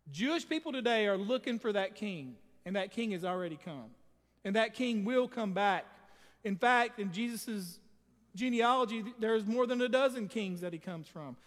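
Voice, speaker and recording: A man's voice: sits high, moderate pace, fairly bright tone, in a large hall. A man preaching a sermon, emphatic and speaking straight to his congregation. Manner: emphatic, addresses the congregation directly.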